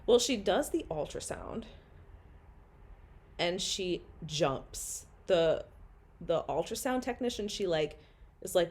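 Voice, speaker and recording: A woman's voice: mid-range voice, lively intonation, slow pace, pauses often, a little mellow. A young woman telling her own story in a rambling, candid way, full of "like" and blunt swearing.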